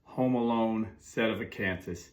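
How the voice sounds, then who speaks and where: Low-voiced, chatty middle-aged man. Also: a little slow. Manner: chatty, with fillers and frequent asides. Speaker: Catholic commentator. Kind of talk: casual monologue.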